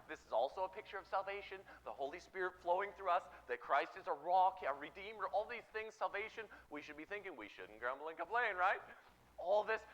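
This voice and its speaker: Bright-voiced, animated man preaching. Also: sits high, a little fast, in a large hall, lo-fi sound. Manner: casual, animated preaching with frequent "right?". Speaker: pastor. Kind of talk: sermon.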